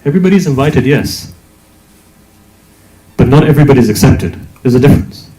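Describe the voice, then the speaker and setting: A man's voice: medium pitch, expressive, brisk, mellow. A man preaching a religious sermon, speaking emphatically and asking rhetorical questions. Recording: echoey hall.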